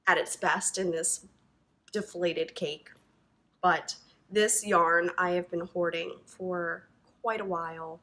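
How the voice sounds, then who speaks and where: A woman's voice: on the low side, fairly bright tone. A woman hosting a knitting podcast, chatting to camera in a gushing, rambling way full of ums and likes. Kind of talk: casual chat to camera.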